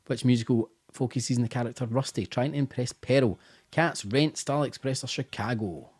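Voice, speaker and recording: A man's voice: medium pitch, normal speed, a little mellow, husky. A Scottish man hosting a casual live-stream quiz, chatty and teasing, tired after a busy day, over faint music. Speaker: quiz host.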